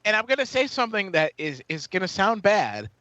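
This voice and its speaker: A tipsy man rants through a profane story on a podcast, his high voice swinging all over the place. His tone is bright and sharp. The sound is dry and a little dull, like a lo-fi home recording. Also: sing-song, a little fast, no echo. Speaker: podcast co-host. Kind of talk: casual chat.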